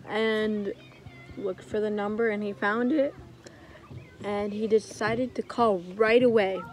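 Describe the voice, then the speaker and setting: A young woman improvising a story at home, unhurried, with playful asides. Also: mid-range voice, steady tone, soft background music, low-quality recording. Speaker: co-host telling a story.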